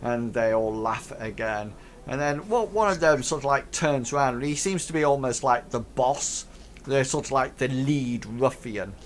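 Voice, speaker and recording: A man narrating as game master of a tabletop game, pausing often with fillers. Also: medium pitch, slight background noise. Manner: hesitant, many fillers and restarts. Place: home setup, live stream.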